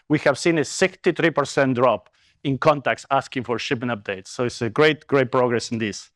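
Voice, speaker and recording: A man's voice: medium pitch, dry recording, studio quality. Latin-accented man giving a conference talk. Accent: Latin American. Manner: earnest, upbeat, with frequent fillers and self-corrections. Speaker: company executive presenter. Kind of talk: conference keynote presentation.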